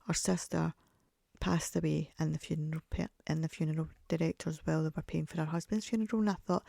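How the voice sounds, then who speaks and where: A woman's voice: low voice, creaky, darkish tone, no echo, studio quality. A middle-aged woman chatting on her podcast, telling stories and laughing often. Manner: chatty storyteller, laughs often, acts out quoted voices. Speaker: podcast host. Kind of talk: casual solo podcast chat.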